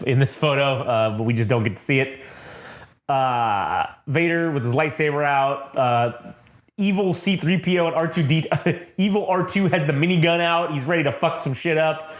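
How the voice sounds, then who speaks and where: A man's voice: fairly high pitch, normal speed. A man co-hosting a comic-book podcast, rambling loosely, swearing a lot and mocking himself. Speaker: podcast co-host. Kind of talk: casual comic-book chat. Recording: roomy echoey room.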